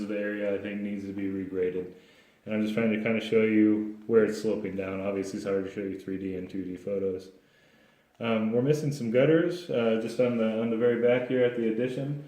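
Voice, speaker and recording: A man walks a client through his home inspection findings. His voice sits low and stays flat, and he talks in a practical way, often restarting his sentences. The recording has the roomy echo of a bare space. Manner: plain, practical, with frequent restarts. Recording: echoey room.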